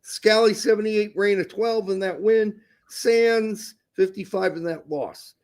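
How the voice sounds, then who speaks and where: A man co-hosting a casual soccer podcast, animated, jokey and swearing freely. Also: high voice, measured pace. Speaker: podcast co-host. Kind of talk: casual sports chat.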